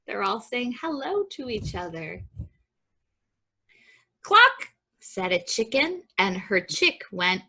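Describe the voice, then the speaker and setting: A woman librarian reading a picture book aloud at children's story time, expressive and rhythmic, with chatty asides to the kids. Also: mid-range voice, measured pace, few pauses, husky. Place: library program.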